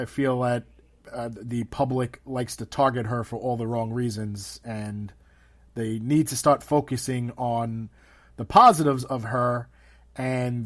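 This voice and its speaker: A man at a mid pitch hosts a casual interview, talking in loose, rambling runs and breaking into laughs often. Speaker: podcast host.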